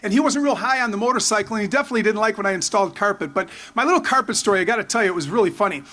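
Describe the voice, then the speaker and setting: A man in his fifties giving a rambling, excited tribute speech full of anecdotes and restarts. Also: sits high, racing. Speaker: former player giving a tribute. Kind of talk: storytelling speech at a memorial.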